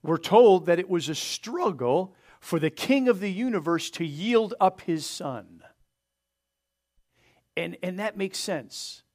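A man pastor preaching a sermon, earnest, pressing his points hard and then letting them fall soft. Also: high-pitched, lively intonation, slow pace. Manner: earnest preaching with rising emphasis and soft drop-offs; asks the congregation to open their Bibles.

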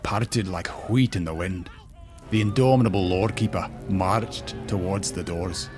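Deep-voiced male fantasy story narrator. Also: measured pace, darkish tone, faint music behind. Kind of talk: audiobook-style fantasy story reading.

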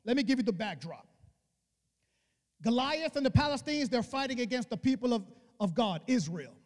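A male preacher giving an emphatic, colloquial sermon, acting out dialogue and rising to shouts. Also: very high voice, lively intonation, moderate pace. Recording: long reverb of a church hall.

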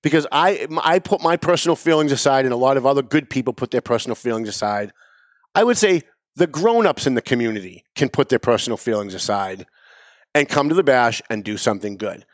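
A middle-aged man hosting a talk radio show, talking in an animated, emphatic way and repeating his phrases for effect. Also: mid-range voice, no room sound.

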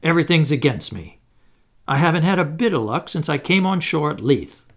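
A surly, hungry drifter, done by a man reading aloud, rough-spoken and given to a beggar's whine. The voice is gravelly and lively in pitch, thrown about between grumbling and pleading. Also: fairly quick. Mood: exasperated. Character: surly hungry male vagrant, whining and rough.

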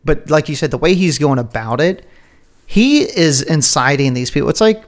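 A man's voice: on the high side, expressive, moderate pace. A man co-hosting a podcast in casual political chat, rambling and profane, often breaking into laughs. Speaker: podcast co-host.

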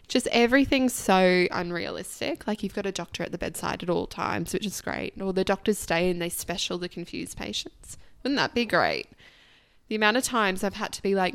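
A woman's voice: mid-range voice, normal speed, dry recording. A young woman in her twenties, a nurse chatting frankly on a podcast, laughing often and swearing casually. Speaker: registered nurse guest.

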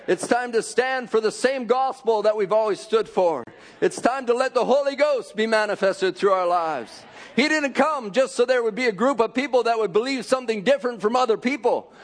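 A man preaching a fervent sermon, repeating phrases and rising to shouts. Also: very high-pitched, normal speed.

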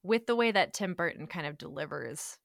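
A woman's voice: sits low, expressive, brisk, creaky, no echo. Chatty woman, dry close sound. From Washington state. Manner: chatty and enthusiastic, laughs often. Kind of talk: casual chat.

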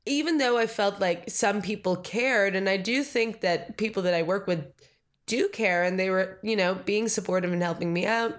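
A woman's voice: medium pitch, moderate pace. A woman in her thirties, a political candidate, talking casually in an interview with many fillers and acted-out quotes. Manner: chatty, many fillers, acts out quoted talk. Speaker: Green Party candidate. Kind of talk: conversational interview.

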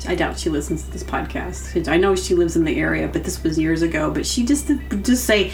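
A woman's voice: lowish voice, fairly quick, faint music behind. A woman hosting a podcast, rambling through a comedic monologue, giggling as she acts out silly quotes in other voices. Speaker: podcast host.

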